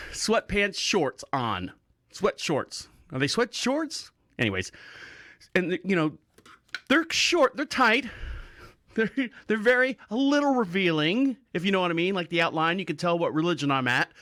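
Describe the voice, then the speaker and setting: A man's voice: fairly high pitch, fairly bright tone, dry recording, clean studio sound. A middle-aged man hosting a podcast, telling rambling stories in a casual, joking way and often breaking into laughter. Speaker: podcast host. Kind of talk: casual storytelling monologue.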